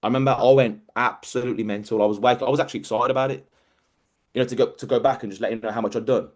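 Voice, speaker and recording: A man giving a motivational talk as a business mentor, emphatic and energetic, often repeating words as he drives a point home. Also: medium pitch, very fast.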